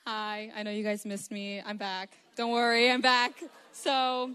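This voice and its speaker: A woman sharing a testimony at church, telling a story in a chatty, lively way. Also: fairly high pitch, measured pace, clean tone. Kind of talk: informal church talk.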